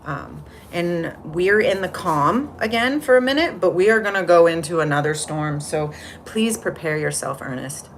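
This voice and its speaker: Woman on a livestream, kinda low voice, chatty, rambly, greets folks in chat. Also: expressive, moderate pace, a little hiss or hum. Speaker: livestream host. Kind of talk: casual spiritual livestream chat.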